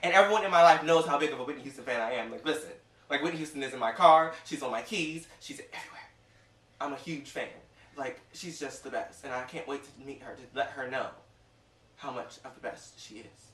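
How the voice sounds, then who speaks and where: A man hosting his own vlog in a theatrical, gushing way, swinging from loud outbursts to near-whispers. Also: medium pitch, animated, fairly quick, far from the mic, slight background noise. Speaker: vlog host. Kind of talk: excited vlog monologue. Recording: echoey room, voice set back from mic.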